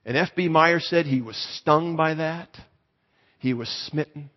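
A man's voice: on the high side, unhurried. Male pastor, conversational storytelling sermon, middling voice, echoey church hall, slightly muffled sound. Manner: conversational, asks the congregation to raise hands.

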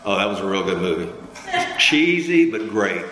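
A man's voice: very animated, moderate pace, noisy background. Man preaching in an echoey hall. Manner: conversational preaching with call-and-response, pitch climbing high when fired up. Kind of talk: sermon. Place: church hall. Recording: echoey hall with long reverb.

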